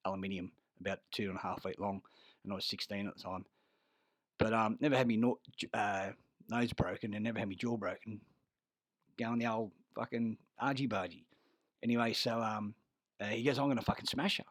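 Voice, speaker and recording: Brisk and fairly low-pitched, with fairly even intonation, an Australian army veteran rambles through profane personal stories. He frequently loses his thread and grows loud and heated over a fight, with no room sound.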